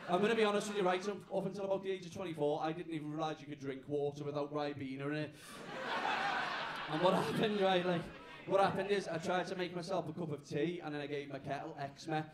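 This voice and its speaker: A man's voice: a little high, quick pace. A young man from the north of England with a Liverpool accent, doing a rambling, self-mocking stand-up set and chatting with the crowd. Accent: Liverpool (Scouse). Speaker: stand-up comedian. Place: comedy club stage with live audience. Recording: echoey club room with noisy crowd.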